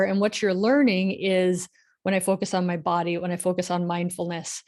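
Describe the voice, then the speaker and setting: A middle-aged woman physician chats through a live-stream Q&A from her home office. Her talk is loose and conversational, full of "like", with sudden animated bursts of emphasis. She speaks into a headset mic. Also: lowish voice, normal speed. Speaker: physician podcast host answering listener questions. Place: home room with bookshelf. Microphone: headphones with mic on a live stream.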